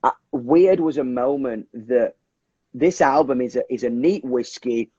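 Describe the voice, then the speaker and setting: A young British man chats on a livestream, rushing and restarting his sentences and swearing freely. His voice is husky and dry. The audio is dull and lo-fi, like a phone call. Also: medium pitch, dry recording. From England. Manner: animated, swears a lot, many restarts and fillers. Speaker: musician guest. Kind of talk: casual livestream chat. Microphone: phone on a video call.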